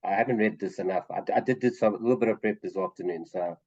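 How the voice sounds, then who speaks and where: A man's voice: fairly low pitch, quick pace, a little mellow, slightly rough, highs cut off. Hesitant man thinking aloud in study group. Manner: hesitant, repeats words while thinking aloud. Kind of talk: casual group study over a call.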